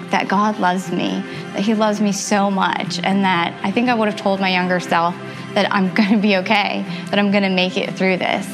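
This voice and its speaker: A woman in her thirties telling her personal faith testimony earnestly and reflectively, with soft laughs. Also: fairly low pitch. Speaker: testimony guest. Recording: music playing underneath.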